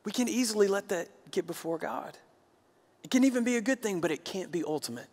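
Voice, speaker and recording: A man's voice: sits high, animated, fairly quick. Man preaching with a hall echo. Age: 30s. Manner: conversational storytelling, dips to quiet emphasis. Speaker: pastor. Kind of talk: sermon.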